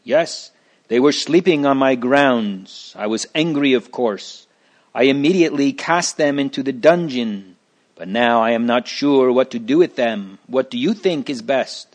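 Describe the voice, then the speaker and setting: A man's voice: medium pitch, lively intonation, a little slow, close to an everyday voice. A man voicing a huge, domineering male giant who roars orders in a storybook reading. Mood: boastful. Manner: roaring, bossy.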